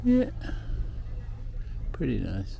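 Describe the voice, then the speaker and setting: Slow gravelly guy vlogging outside, rambly and emotional, swears a bit, faint noise behind. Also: medium pitch, wildly swooping pitch, warm tone. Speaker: overland travel vlogger. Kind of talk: casual travel vlog to camera. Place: outdoors at the end of a road.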